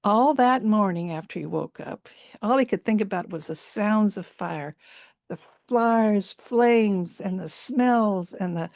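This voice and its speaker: A woman's voice: medium pitch, slow, vocal fry, a little mellow, no room sound. Woman storyteller, folk tale, repeats words for emphasis, video call, dry close sound. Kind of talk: live folk tale telling.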